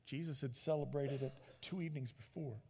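A man preaching a sermon as a pastor, retelling the story in a lively way and acting out the people in it. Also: medium pitch, fairly quick, a little hiss or hum. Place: church sanctuary. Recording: long church reverb.

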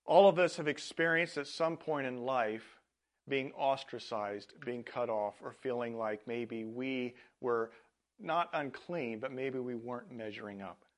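A man's voice: mid-range voice, a little slow. Earnest man preaching a sermon. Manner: earnest, with frequent fillers and restarts. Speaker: pastor.

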